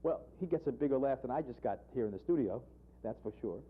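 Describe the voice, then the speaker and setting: A man, a humorist guest in a TV studio, telling a joke and talking about humor, acting out voices with big jumps in pitch. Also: fast talker, breathy edge. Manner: animated storyteller, acts out characters with sharp jumps in pitch. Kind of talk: joke telling and interview talk. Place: television studio. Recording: tinny phone-like archive broadcast.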